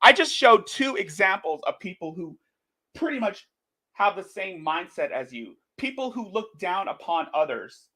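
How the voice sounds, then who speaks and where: A man's voice: high-pitched, big pitch swings, normal speed, sharp tone, no room sound. A man in a heated, profane commentary rant, lurching between fury and apology. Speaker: livestream commentator. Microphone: desk microphone.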